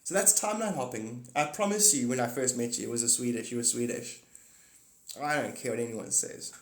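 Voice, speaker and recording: Guy on a phone livestream rambling about manifesting, echoey room, middle pitch. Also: brisk. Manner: rambling, animated, spiritual talk. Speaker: livestream host. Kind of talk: casual livestream chat reading comments.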